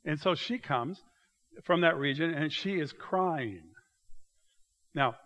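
A man preaching a sermon, walking his listeners through a passage with emphatic, animated storytelling. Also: a little high, slow pace, muffled recording. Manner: animated, emphatic storytelling with rising bursts of loudness; directs listeners to mark passages in their notes. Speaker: pastor.

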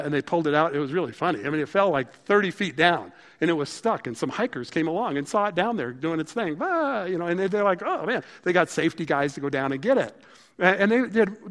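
A male pastor delivers a sermon in a chatty, conversational way, his voice sitting a little higher than most men's. He swings from animated bursts to quiet, hushed moments, and a long hall reverb trails each phrase.

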